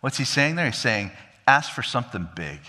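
A man preaching an expository sermon, swinging from emphatic high peaks to low, quiet drops and acting out quoted dialogue. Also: sing-song, moderate pace, long reverb tail. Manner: acts out quoted dialogue of God and king. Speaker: pastor.

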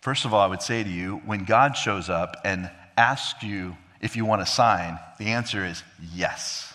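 A man preaching an expository sermon, swinging from emphatic high peaks to low, quiet drops and acting out quoted dialogue. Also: a little slow, in a large hall. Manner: acts out quoted dialogue of God and king. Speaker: pastor.

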